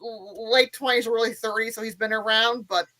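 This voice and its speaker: A woman's voice: a little high, fairly even intonation, normal speed, bright, forceful tone, low-quality recording. A woman on a podcast panel talking in a casual, enthusiastic, gushing way.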